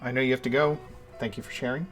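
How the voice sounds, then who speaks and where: A man's voice: medium pitch, steady tone, fast, a bit bright, soft background music. A man running a tabletop game as dungeon master, talking casually and easygoing, with fillers. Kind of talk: casual live-stream game talk.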